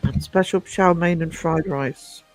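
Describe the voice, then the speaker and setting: A man's voice: fairly high pitch, unhurried, soft background music. A man hosting a casual livestream, rambling and greeting viewers by name as he chats. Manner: rambling, chatty, self-interrupting. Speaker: livestream host.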